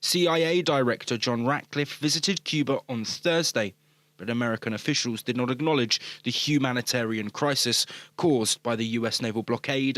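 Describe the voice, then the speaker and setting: A man narrating a news report in a measured, formal way. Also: medium pitch, a bit bright, no echo.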